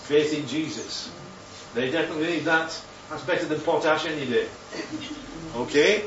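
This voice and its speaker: A man's voice: on the high side, normal speed, a little hiss or hum. Male preacher in an echoing hall. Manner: animated, rhetorical questions, swoops up for emphasis. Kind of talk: sermon. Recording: roomy, distant, dull sound with faint ambience.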